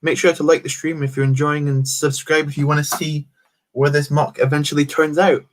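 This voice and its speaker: A man's voice: on the high side, flat delivery, fairly quick, slight background noise. A young man chatting casually on a live stream as he builds, reading out chat messages with many fillers and restarts. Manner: rambling, reads chat aloud, many fillers.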